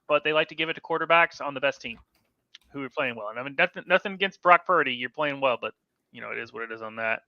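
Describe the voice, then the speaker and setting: With a fairly high pitch and no room sound, this fantasy football co-host chats casually about sports. He rambles, corrects himself, and lets his voice trail off. It's captured on a dull, dry lo-fi mic.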